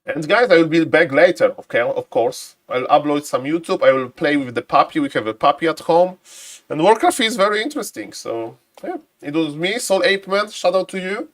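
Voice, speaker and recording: While streaming a strategy game match, a man keeps up an excitable, chatty commentary at normal speed. He greets his viewers by name and lets out sudden high shouts.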